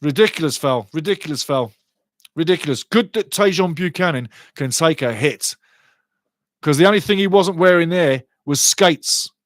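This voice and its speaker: A man's voice: fairly high pitch, expressive, moderate pace, fairly bright tone, no room sound. A man giving passionate live fan commentary on a match and chatting with viewers between plays. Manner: passionate, gets fired up over fouls. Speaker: watchalong commentator.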